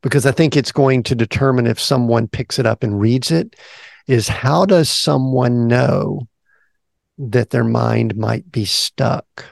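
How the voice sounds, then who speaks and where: A man hosting an interview, praising the guest's book in a friendly way and leading slowly into his question. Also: mid-range voice, vocal fry, dry recording, studio quality. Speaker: podcast host.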